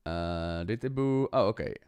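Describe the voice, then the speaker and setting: Male streamer, lively pitch, smooth clear voice, chatty and excitable. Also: moderate pace, no room sound. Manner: chatty, excitable, talks to the game and chat. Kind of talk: casual live-stream commentary.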